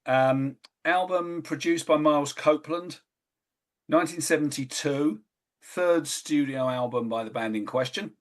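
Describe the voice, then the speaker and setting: A man's voice: on the high side, measured pace. A man co-hosting a live radio music show, rambling through an album with hesitant ums and restarts. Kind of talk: casual chat about albums. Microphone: studio mic.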